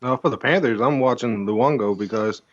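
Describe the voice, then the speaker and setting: A man co-hosting a hockey podcast over a remote call, laying out his points in a measured, analytical way. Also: mid-range voice, lo-fi sound, a little hiss or hum. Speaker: podcast co-host. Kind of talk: casual hockey chat.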